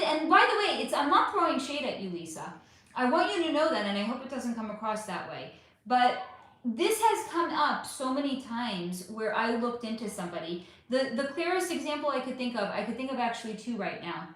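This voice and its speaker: A woman hosting a casual livestream Q&A, answering viewers' questions in an animated, emphatic way and talking straight to her audience. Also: high-pitched. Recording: very echoey room.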